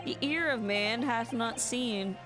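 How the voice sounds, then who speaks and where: Woman putting on a pompous archaic gentleman. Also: on the high side, slow, music in the background. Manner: theatrical, archaic phrasing. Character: pompous old-fashioned gentleman speaking in archaic verse.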